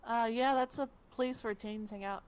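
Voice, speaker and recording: A woman voicing a sardonic young adult cat woman in a game playthrough, in a dry, deadpan manner close to her own voice. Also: on the high side, moderate pace, smooth, close to an everyday voice.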